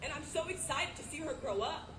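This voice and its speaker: A woman's voice: high-pitched, animated, brisk. Emotional young woman speaking at a rally. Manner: emotional and earnest, with fillers. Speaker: student body president. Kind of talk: personal protest speech. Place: outdoor protest rally. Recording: echoey outdoor sound with background noise.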